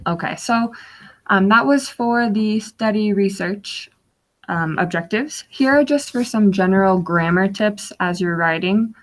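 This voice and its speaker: A woman's voice: medium pitch, a little slow. A young woman giving an instructional webinar, explaining slides step by step with frequent fillers. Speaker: webinar guest speaker.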